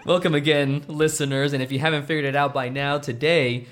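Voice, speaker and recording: A man's voice: on the high side, fairly even intonation, a little fast, a bit bright, soft background music. A man hosting a casual film podcast, teasing his co-hosts and laughing often. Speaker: podcast host.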